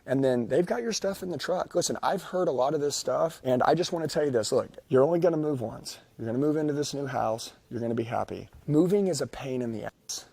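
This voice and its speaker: A man making a rambling, insistent sales pitch over the phone to a customer. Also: quick pace, vocal fry, hardly any pauses, darkish tone. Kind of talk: high-pressure sales pitch.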